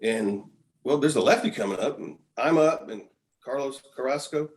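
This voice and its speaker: A man in his fifties, a podcast guest, telling animated stories in casual chat, often chuckling and repeating words. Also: medium pitch, normal speed, rough recording. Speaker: podcast guest, former pitcher. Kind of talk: casual storytelling.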